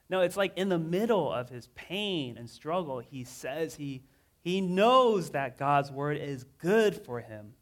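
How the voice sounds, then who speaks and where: Speaking unhurriedly in a fairly high, expressive voice, a man delivers a conversational sermon. He reads scripture earnestly and dramatically, with mounting emotion.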